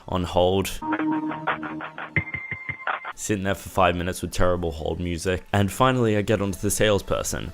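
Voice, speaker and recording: A man's voice: low-pitched, steady tone, moderate pace, gravelly, pauses often, soft background music. A young man vlogging, ranting in an exasperated, casual way and swearing now and then. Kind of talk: casual rant to camera.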